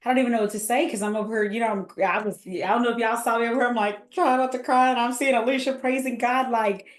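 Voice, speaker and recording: A woman hosting a faith group chat, emotional and talking in quick bursts with restarts. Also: a little high, fairly even intonation, reverberant. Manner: emotional, talks fast with restarts. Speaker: host and faith coach. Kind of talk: casual live group chat.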